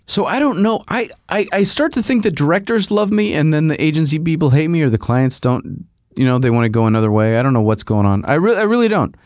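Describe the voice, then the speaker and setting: A man's voice: animated, fast talker, a little mellow, dry recording, studio quality. A man hosting his own podcast, rambling through a casual monologue with self-mocking asides. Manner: rambling, self-mocking, mimics agency people in a higher voice. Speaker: podcast host.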